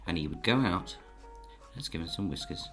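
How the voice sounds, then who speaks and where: Bloke drawing and telling a kids story, deep gentle voice, soft music behind. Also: male voice, lively intonation, moderate pace. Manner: gentle, coaxing, speaks to the audience. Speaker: children's storyteller and illustrator. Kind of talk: storybook narration while drawing.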